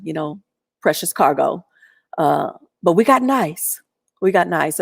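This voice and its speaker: A middle-aged woman telling a personal story in an animated, chatty way with lots of fillers. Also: fairly low pitch, creaky, no room sound, clean studio sound.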